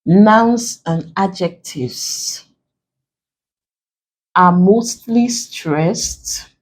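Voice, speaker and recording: A woman with a Nigerian English accent and a mid-range voice tutors an exam-prep class, speaking slowly and deliberately. She repeats the key points while writing on a board, and the audio quality is poor.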